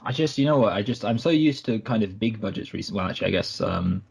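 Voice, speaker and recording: On a film podcast, a male co-host tells rambling stories in a casual way, often correcting himself. His fairly low voice is expressive and slightly rough with vocal fry, and he speaks at a quick pace.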